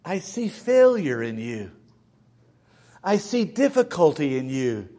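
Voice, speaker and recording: A man voicing God as a calm, patient deity, speaking softly and gently within his sermon. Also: on the high side, takes it slowly. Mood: gentle. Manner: hushed, soft and tender.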